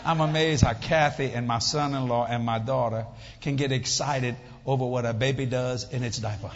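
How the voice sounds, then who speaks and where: A man's voice: mid-range voice, normal speed, in a large hall, lo-fi sound, noisy background. An older man preaching a sermon to a congregation, telling jokes and acting out voices in his stories. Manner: animated storytelling, acts out voices, jokes with congregation. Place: church hall with audience.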